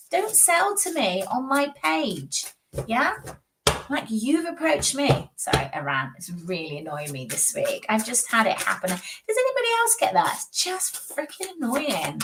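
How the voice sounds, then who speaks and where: A woman chats her way through live psychic readings on a stream, rambling and animated with frequent laughs. She sits a little back from the microphone, and a faint noise runs underneath. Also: fairly high pitch, measured pace, recorded from a distance. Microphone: video call.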